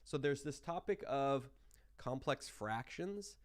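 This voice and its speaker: A man's voice: medium pitch, lively intonation, slow, no room sound, clean studio sound. A man teaching a math class in an informal, explaining way, holding back a cough while chewing gum. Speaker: math instructor. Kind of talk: class lecture.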